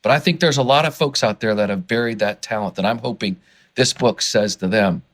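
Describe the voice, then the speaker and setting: A man's voice: fairly low pitch, fairly quick. A man speaking as a guest in a podcast interview, passionate and getting worked up, earnest, with many restarts and repeated words. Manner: passionate, gets worked up and excited. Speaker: interview guest, fundraising consultant.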